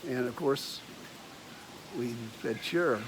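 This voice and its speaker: A man's voice: mid-range voice, slow, noisy background. A man from Texas with a Texas accent, chatting casually and rambling folksily to his vlog viewers. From Texas, USA. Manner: rambling, folksy, many fillers and restarts. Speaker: vlogger. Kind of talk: casual chat. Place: outdoors at home in the rain.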